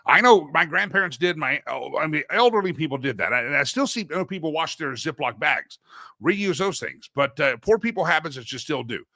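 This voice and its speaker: Fairly high-pitched and expressive, a middle-aged man's bright, forceful voice moves at a fairly quick pace as he hosts a talk show. His casual monologue drifts through personal anecdotes, with frequent corrections mid-sentence. Dry, studio-quality recording.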